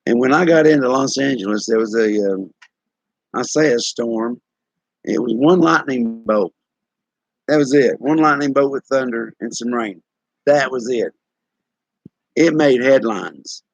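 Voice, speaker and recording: A man's voice: mid-range voice, a little slow, pauses often, dry recording, muffled recording. A man in his sixties from Tennessee with a Southern accent, casually telling folksy stories to his stream viewers. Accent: East Tennessee Southern. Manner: drawling, folksy, chuckling storyteller. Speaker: live stream host. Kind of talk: casual storytelling to chat viewers.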